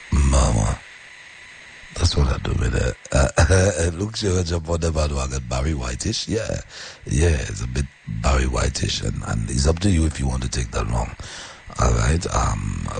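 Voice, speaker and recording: A man hosting a radio show in casual chat, playful and teasing, with a very deep bass voice. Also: gravelly, darkish tone, slight background noise. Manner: playful, teasing, jumps between deep bass and high tones. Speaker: radio host.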